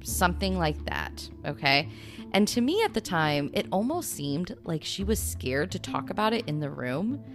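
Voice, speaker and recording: Brief: low-pitched woman podcast host, chatty storyteller who keeps looping in asides; faint music underneath. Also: sing-song, moderate pace. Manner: rambling, full of "you know" and "like" asides. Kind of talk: casual storytelling chat.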